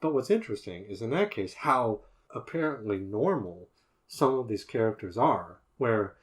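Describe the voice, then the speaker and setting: A man's voice: lowish voice, big pitch swings, moderate pace. Man analyzing films in casual chat. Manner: analytical, thinks aloud while explaining. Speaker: podcast co-host. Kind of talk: casual film discussion.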